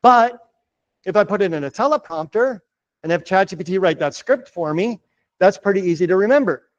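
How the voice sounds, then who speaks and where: A man's voice: high-pitched, animated, fairly quick, muffled recording. A middle-aged man coaching a live audience on real estate marketing, upbeat and chatty, often checking in with "right?". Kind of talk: live presentation to a room. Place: office meeting room.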